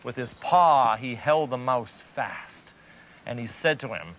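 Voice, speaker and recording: A man hosting a children's TV show, telling a story to children in a gentle, animated storyteller's way. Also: medium pitch, measured pace. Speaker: children's TV host. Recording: dull lo-fi 1990s TV recording.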